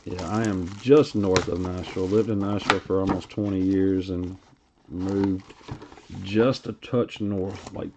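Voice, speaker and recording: A man's voice: low-pitched, steady tone, measured pace, noisy background. A man with a Tennessee Southern accent hosting a live card break, reading off player names in a laid-back drawl while chatting with viewers. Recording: lo-fi stream audio.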